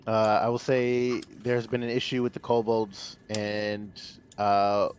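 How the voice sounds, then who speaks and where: A man's voice: on the low side, level tone, slow, a little hiss or hum. A man playing in a tabletop game, talking hesitantly with many restarts and fillers. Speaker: player.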